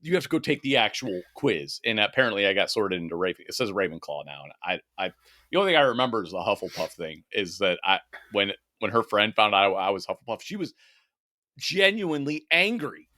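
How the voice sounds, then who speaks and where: Male podcast co-host, bright and punchy voice, dry close mic, laughs a lot, casual and profane. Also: on the low side, expressive, fairly quick, no room sound.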